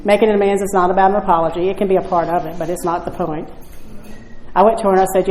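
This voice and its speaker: A woman's voice: fairly low pitch, fairly even intonation, very fast, darkish tone, a little hiss or hum. A woman telling her personal story at a recovery meeting, blunt and conversational, often asking "right?". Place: meeting room. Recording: echoey room.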